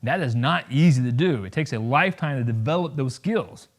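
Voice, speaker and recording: Animated man giving a campus talk. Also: on the high side. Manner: animated, jokey, acts out quick voices. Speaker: guest speaker.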